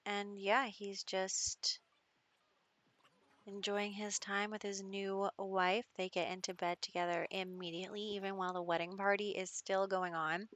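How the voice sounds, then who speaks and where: A woman's voice: medium pitch, flat delivery, a little slow, a bit bright, no echo. A young woman casually narrating her gameplay as the show's host, telling the story in a chatty way with fillers. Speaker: gaming video host.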